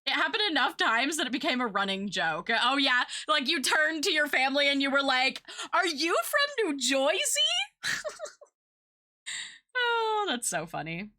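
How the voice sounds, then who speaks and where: A young woman streams and chats casually with her audience. Her voice sits a little high and rings bright and forward. She rambles loosely and fills her sentences with "like" and "uh". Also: very animated, normal speed. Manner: chatty, rambling, filler-heavy. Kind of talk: casual chat with viewers.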